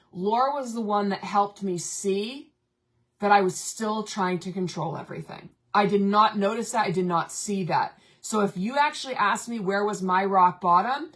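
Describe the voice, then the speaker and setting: A woman candidly tells her own story on a casual talk show. Her voice sits at a middling pitch. She speaks in a confessional, open manner. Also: normal speed, fairly bright tone. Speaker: co-host, family member. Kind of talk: casual chat, personal story.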